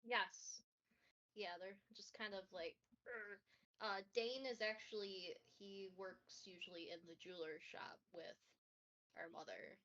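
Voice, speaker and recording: A woman's voice: medium pitch, steady tone, unhurried, a bit bright. A woman playing in a tabletop game, chiming in casually and laid-back. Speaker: player. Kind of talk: casual chat. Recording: dull lo-fi sound.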